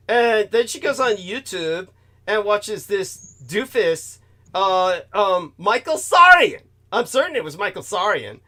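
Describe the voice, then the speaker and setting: A man's voice: sits high, a bit bright. A man hosting a talk show, rambling through a profane, digressive monologue and laughing at his own remarks. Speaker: host.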